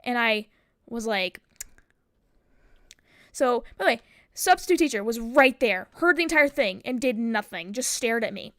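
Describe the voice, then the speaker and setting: A woman's voice: fairly high pitch, lively intonation, measured pace, long pauses, a bit bright, no echo, clean studio sound. A young adult woman from the United States, a streamer telling a story in a casual, rambling way, swearing a lot and leaning on fillers. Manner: profane, rambling with many fillers.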